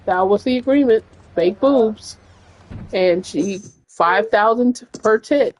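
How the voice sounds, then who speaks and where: A woman's voice: mid-range voice, takes it slowly, a little mellow, a little hiss or hum, rough recording. A woman streamer telling a long, rambling story while she plays at home. She speaks frankly and fills her talk with "like" and "you know". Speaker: gaming streamer. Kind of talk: casual storytelling over gameplay.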